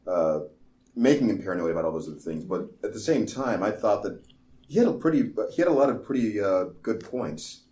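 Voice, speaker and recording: A man co-hosting a casual movie discussion podcast, thoughtful and halting, often restarting his sentences. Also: lowish voice, animated, dark tone. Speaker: podcast co-host.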